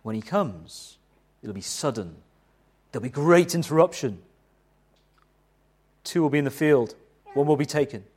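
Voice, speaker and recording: A middle-aged man preaching a sermon in an animated, conversational way, asking the listeners rhetorical questions. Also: medium pitch, measured pace, pauses often, husky. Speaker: pastor.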